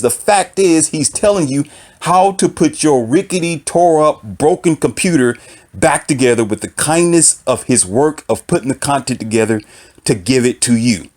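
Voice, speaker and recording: A man delivering an impassioned opinion monologue, emphatic and repetitive, almost preaching. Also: a little high. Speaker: author and commentator.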